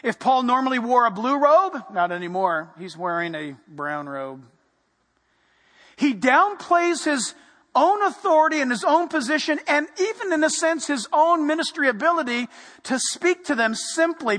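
A man preaching a sermon, animated and playful, dropping to a hush for emphasis. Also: extremely high pitch, a little slow, long reverb tail. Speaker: pastor.

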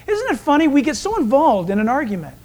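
A male pastor delivers an expository sermon with animated, emphatic energy. His voice sits high for a man. He often breaks into acted-out voices for the people in his stories. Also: fast. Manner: animated, emphatic storytelling that acts out quoted voices.

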